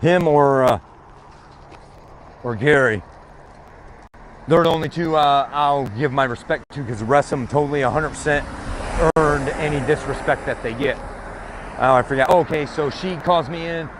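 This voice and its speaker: A man's voice: on the high side, normal speed, long pauses, a little hiss or hum. A man vlogging outdoors by a street, telling a long grievance story in a rambling, cursing way. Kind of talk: casual talk while walking outdoors. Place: outdoors by a street with passing vehicles.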